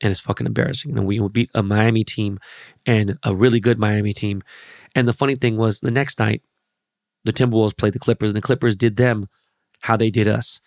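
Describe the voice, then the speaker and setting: A man's voice: lowish voice, steady tone, a little fast, gravelly, a little mellow, no echo, clean studio sound. A man hosting a podcast, telling rambling, profanity-laced stories in a loose, casual monologue. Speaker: podcast host.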